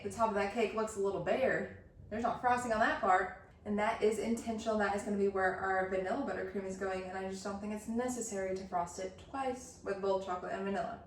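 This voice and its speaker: In a cold kitchen, a woman with a mid-range voice chats casually while baking for her vlog, poking fun at herself along the way. The recording sounds roomy and distant, with a little background noise.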